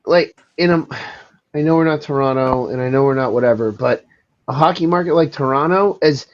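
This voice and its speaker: A man's voice: medium pitch, fairly quick, highs cut off. A man co-hosting a sports podcast, pressing the same questions again and again and venting frustration. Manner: insistent, repeats his questions, frustrated fan. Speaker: podcast co-host. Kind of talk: casual sports chat.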